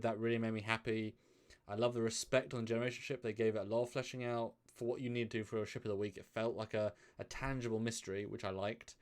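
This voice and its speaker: A man in the middle of a casual live-stream chat, his voice sitting at an ordinary middle pitch. He rambles a little, with fillers and restarts, as he talks through his thoughts with a co-host. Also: smooth. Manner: chatty, loose, many fillers and restarts, pleads for donations.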